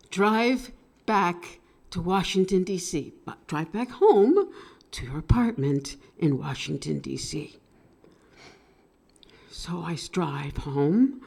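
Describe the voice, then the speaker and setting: A woman telling a personal story at an open mic, swinging between hushed and loud with strong emotion. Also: fairly low pitch, creaky. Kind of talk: live dramatic storytelling.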